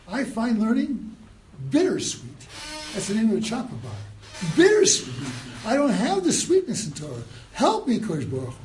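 A man giving a mussar sermon, moving from hushed storytelling to loud rhetorical questions, with Hebrew and Yiddish terms mixed in. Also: very high-pitched, a little hiss or hum, poor audio. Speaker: rabbi giving a mussar talk.

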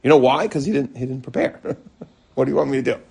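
A middle-aged man, a rabbi, giving an animated Torah lecture full of stories and bursts of emphasis. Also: mid-range voice, fast talker, gravelly, husky. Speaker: rabbi teaching a Torah class.

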